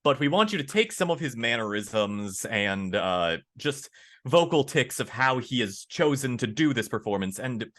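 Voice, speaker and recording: Bright-voiced man, animated storyteller. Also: normal speed. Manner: animated, acts out quoted lines with big pitch jumps. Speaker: voice actor guest. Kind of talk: casual interview chat.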